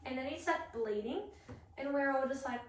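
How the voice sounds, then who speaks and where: A young woman chatting casually with a bright, high voice, acting out other people's lines as she laughs through a travel story. She sits a little back from the mic in a very echoey room with faint hiss. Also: normal speed, far from the mic. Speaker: podcast co-host. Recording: roomy echo, a bit off mic, faint hiss.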